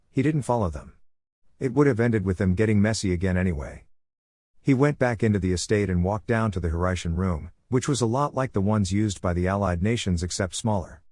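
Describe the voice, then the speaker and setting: A man narrating a fan-fiction story in an even, plain reading manner. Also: lowish voice, a little fast, no room sound.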